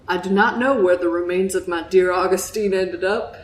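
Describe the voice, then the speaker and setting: A woman voicing a haunted old drunk sailor with a put-on Southern accent, telling his tale slowly and solemnly. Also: lowish voice, fairly even intonation, natural voice. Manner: slow, solemn storytelling, breaking into giggles. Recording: roomy echo.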